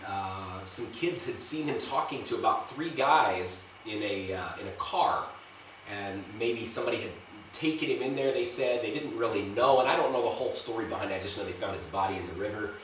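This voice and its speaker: A man talks on in a loose, rambling, chatty way, swearing casually as he tours a small apartment. His voice sits at an ordinary pitch and sounds a little distant from the camera mic. The room around him is strongly echoey, with a faint hum of ambience. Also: moderate pace, fairly bright tone. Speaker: vlogger. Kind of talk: casual vlog chat and apartment tour.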